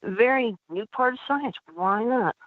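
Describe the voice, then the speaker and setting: A woman calling in as a paranormal investigator guest on a radio show, talking chattily with many halting restarts. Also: fairly high pitch, no echo. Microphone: telephone. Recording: tinny phone line.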